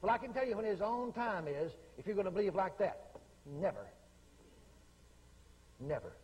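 A man's voice: high voice, fast, a little mellow. A man preaching a revival sermon, bold and emphatic, hammering his points through repetition. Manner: bold, emphatic, repeating phrases. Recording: echoey hall with long reverb.

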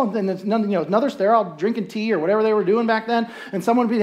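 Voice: medium pitch, very fast, few pauses, darkish tone. A pastor preaching a sermon in a church in an easygoing, conversational way, checking in with the congregation and briefly acting out the voices of people in the story. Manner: checks in with listeners with rhetorical asks. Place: church sanctuary.

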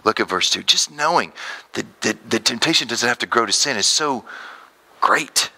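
A man in his thirties preaching a sermon as pastor, animated, acting out quoted voices. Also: medium pitch, normal speed.

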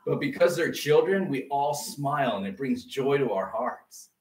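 A man preaching a sermon as pastor, lively and conversational, full of rhetorical questions. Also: mid-range voice, moderate pace. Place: church sanctuary. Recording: roomy sound from a distance.

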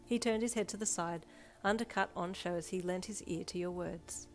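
Woman, low-pitched, steady story narration, soft backing music. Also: normal speed. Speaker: fanfiction reader. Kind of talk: scripted narration.

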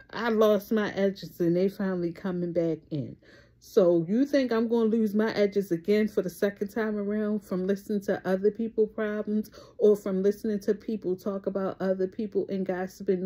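Woman, thirties, vlogger, motivational talk, warm mellow tone, slow stressed words. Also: medium pitch. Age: 30s. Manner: emphatic, stretches key words out slowly; talks straight to her viewers. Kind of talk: casual motivational vlog talk.

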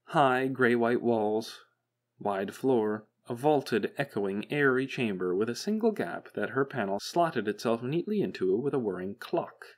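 Brief: male audiobook narrator, steady measured reading, mid pitch. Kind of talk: scripted narration.

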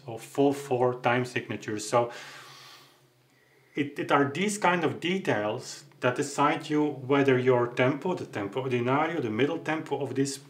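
A man teaching music, thinking aloud with halting restarts and tag questions as he explains a piece. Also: mid-range voice. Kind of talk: explaining while practicing at the keyboard.

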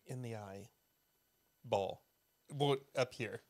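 A man's voice: mid-range voice, slow pace. A man hosting a podcast from his apartment, joking with his guest in easygoing banter. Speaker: podcast host. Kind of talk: casual podcast chat.

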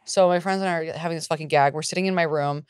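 A woman co-hosting a podcast in casual chat, telling profane, animated stories and acting out the quotes. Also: low-pitched, rapid-fire, clean tone, no echo, studio quality. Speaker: podcast co-host.

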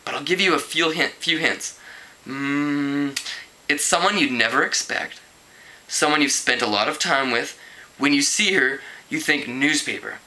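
A man's voice: measured pace, bright, forceful tone, poor audio. A man reading a teen novel aloud casually, stumbling over words, correcting himself and laughing at the story. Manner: voices characters with raised pitch. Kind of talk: casual read-aloud narration.

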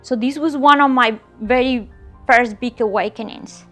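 A woman giving a spiritual testimony, slow and deliberate in a reverent tone. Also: fairly high pitch, bright, forceful tone, soft background music.

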